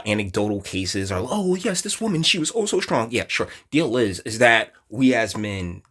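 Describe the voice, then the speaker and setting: A man's voice: fairly low pitch, a bit bright. A man giving a casual opinion rant to viewers, blunt and preachy with plenty of slang. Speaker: online commentator.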